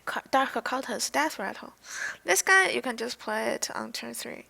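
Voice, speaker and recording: Gravelly-voiced young woman streamer. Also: a little high, expressive, sharp tone. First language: not English. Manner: halting, restarts often, reads card text aloud. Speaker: game streamer reviewing cards. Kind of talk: casual live-stream chat. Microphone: headset.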